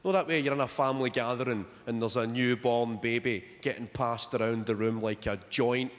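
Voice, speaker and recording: A man's voice: mid-range voice, fairly even intonation, fairly quick, background noise. A young man doing stand-up comedy on stage, with dry, sardonic storytelling. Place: theatre stage before a live audience. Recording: large hall with loud audience laughter.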